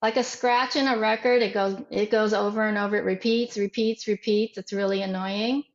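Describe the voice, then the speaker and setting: A woman teaching a self-defense workshop, speaking deliberately with frequent repeats and restarts. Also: mid-range voice, fairly even intonation. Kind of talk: workshop instruction. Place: online workshop. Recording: echoey, muffled room recording.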